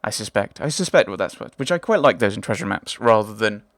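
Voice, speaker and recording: A man's voice: lowish voice, animated, fast, fairly bright tone, dry recording. A man hosting a let's play, thinking aloud in casual gameplay commentary, hesitant and often trailing off.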